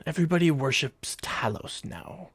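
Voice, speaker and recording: A man voicing a gruff male kenku ship's guard who talks in a dismissive, scolding way, in a tabletop game. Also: on the high side, expressive, normal speed, dry recording, pitched above the performer's own voice.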